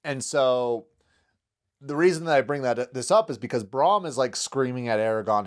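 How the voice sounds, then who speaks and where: A man's voice: medium pitch, expressive, normal speed. Man, podcast co-host, enthusiastic, laughs a lot, casual film talk. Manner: enthusiastic, laughs often, acts out quotes.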